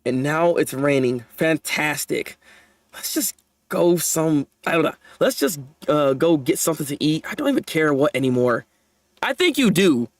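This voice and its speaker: A young man hosting a live manga chapter reaction, animated and laughing often as he talks to his viewers. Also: fairly high pitch, normal speed, dry recording.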